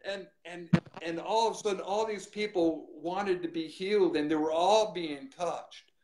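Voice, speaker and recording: A man, a guest minister, telling his testimony in an animated way and acting out the voices he quotes. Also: sits high, normal speed, echoey room. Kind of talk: testimony storytelling.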